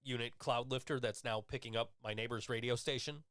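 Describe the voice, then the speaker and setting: A man's voice: medium pitch, fairly even intonation, brisk, a bit bright, clear, resonant tone, no room sound, studio quality. A man hosting a casual radio show, easygoing and hesitant, with many fillers. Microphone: studio mic.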